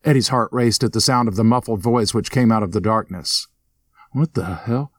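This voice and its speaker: Male narrator for a spooky audio story, low voice, steady delivery. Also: a little fast, no room sound. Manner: steady storyteller, voices characters with lifted pitch. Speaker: narrator and host.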